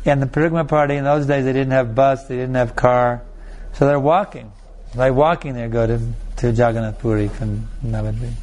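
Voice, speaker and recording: A spiritual teacher tells stories and answers audience questions, often restarting and laughing. His mid-range voice is steady and darkish in tone, and he speaks fairly quickly.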